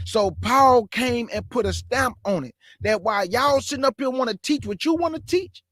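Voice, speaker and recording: A man preaching Bible commentary, emphatic and firing rhetorical questions, reading scripture aloud slowly and deliberately. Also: very high voice, lively intonation, fairly bright tone, no echo, clean studio sound. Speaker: online Bible teacher.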